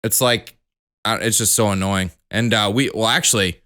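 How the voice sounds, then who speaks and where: A man's voice: fairly low pitch, fairly even intonation, moderate pace, bright, forceful tone. A young man co-hosting a podcast, telling stories in a laid-back way with casual swearing. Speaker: podcast co-host. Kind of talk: casual chat.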